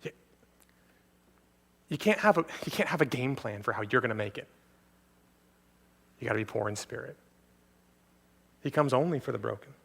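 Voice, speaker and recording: A man's voice: mid-range voice, a little fast, gravelly, long pauses, a bit bright, breathy edge. A man preaching a sermon as pastor, speaking earnestly and addressing listeners directly again and again. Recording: long hall reverb from a church.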